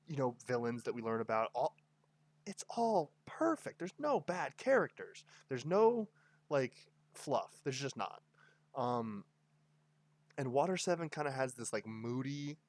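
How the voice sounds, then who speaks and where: A man talking in a somewhat low voice, chatting casually as he works through a ranking. He rambles eagerly, stacking up fillers and little tag questions as he goes. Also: fairly bright tone. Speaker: anime reviewer. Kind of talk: casual tier-list commentary.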